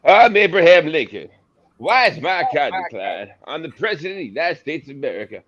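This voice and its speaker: A man's voice: a little high, big pitch swings, brisk, a bit bright, muffled recording, pitched above the performer's own voice. A man doing a comic impression of an indignant, pompous male president, with blustering complaints. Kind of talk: comic impression in a casual podcast.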